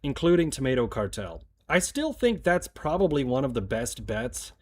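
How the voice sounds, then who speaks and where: A man with a medium-pitched, sing-song voice at a moderate pace streams a game while chatting casually. He rambles, cracks jokes in asides and swears plenty.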